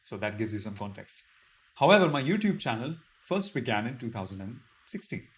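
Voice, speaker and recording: Very animated and a little fast, this medium-pitched male voice belongs to a YouTube live-stream host. In a casual Q&A he reads comments from viewers and answers with chatty, self-deprecating humor.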